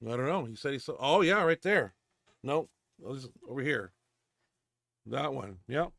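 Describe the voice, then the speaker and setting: A man's voice: mid-range voice, animated, normal speed, vocal fry, a bit bright, no echo. A man hosting a powerlifting show, bantering casually with dry, teasing humor.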